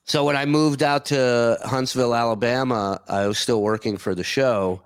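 A man's voice: mid-range voice, steady tone, moderate pace, smooth, dry recording. A man chatting as a guest on a video call, easygoing and talkative, swearing casually. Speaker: guest, former radio show staffer. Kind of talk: casual chat.

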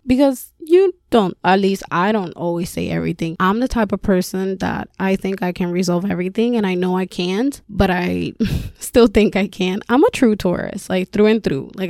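Candid woman podcaster with a gravelly edge. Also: on the low side, darkish tone, dry recording, clean studio sound. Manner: candid, emotional, rambling with many fillers. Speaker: podcast host. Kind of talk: personal solo podcast.

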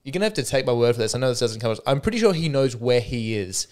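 A man's voice: medium pitch, sing-song, quick pace, darkish tone. A man with an Australian accent, hosting a solo comedy podcast, rambling and self-deprecating with sarcastic asides.

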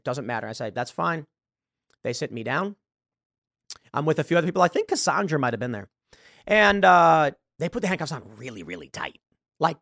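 A man's voice: on the high side, a bit bright, no echo, clean studio sound. A man hosting a podcast, telling a long story and acting out the dialogue. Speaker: show host. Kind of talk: podcast monologue.

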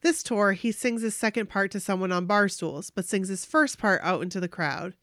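A woman co-hosting a podcast, reading a fan's story aloud in an animated way. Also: medium pitch, moderate pace, no echo, clean studio sound.

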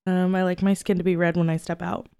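Young woman guest, smooth clear voice, giggly and blunt, dry close recording. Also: on the low side, little pitch movement, quick pace, mellow, no echo. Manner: giggly, blunt, playful answers. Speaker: podcast guest. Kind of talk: casual chat, quick-fire answers.

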